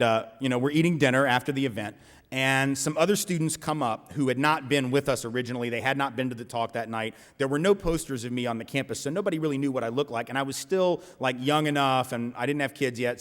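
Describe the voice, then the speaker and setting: Man telling a story in an echoey hall. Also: mid-range voice. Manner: conversational, many restarts and tag questions. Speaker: speaker at a college event. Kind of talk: storytelling lecture to a live audience. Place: large lecture hall.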